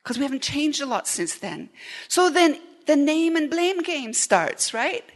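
A woman preaching a lively sermon, animated and often asking the audience questions. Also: sits high, unhurried, big-room sound.

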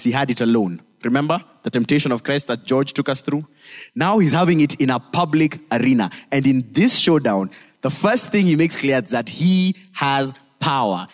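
A male pastor preaching a sermon in a lively, joking way, acting out bits as he teaches. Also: on the high side, big-room sound. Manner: lively, joking, retelling with voices.

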